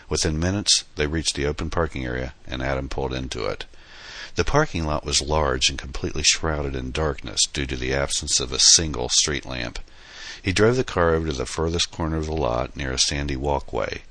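A man narrating his own novel as an audiobook, in a steady storytelling manner. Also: extremely low pitch, no echo. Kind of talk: scripted narration.

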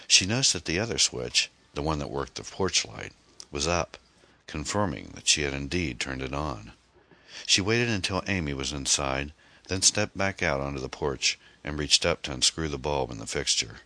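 A man narrating a mystery novel in a measured, even storytelling manner. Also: extremely low pitch, no room sound. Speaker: audiobook narrator. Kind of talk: scripted narration.

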